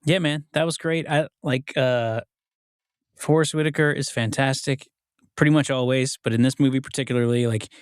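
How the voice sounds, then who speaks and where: A man co-hosting a casual movie podcast, rambling with lots of fillers and acting out scenes in quick voices. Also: medium pitch, steady tone, smooth, no room sound, studio quality. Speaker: podcast co-host.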